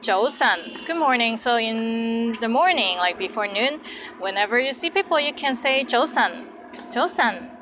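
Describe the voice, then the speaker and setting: A woman's voice: on the high side, expressive, unhurried, noisy background. A woman teaching phrases in a playful, upbeat lesson. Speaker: language teacher. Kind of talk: lively language lesson.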